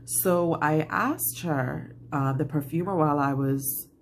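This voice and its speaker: Low-voiced woman, rambling. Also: slow pace, slight background noise. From Bermuda. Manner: rambling, reflective, many restarts and "like". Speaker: channel host. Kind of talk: casual storytelling to camera.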